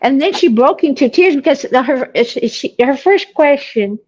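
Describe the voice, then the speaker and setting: A woman's voice: high-pitched, lively intonation, normal speed, darkish tone, dull audio. A woman from Brazil with a light Brazilian Portuguese accent and Portuguese as her first language, chatting casually and telling stories with laughs between remarks. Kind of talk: casual chat.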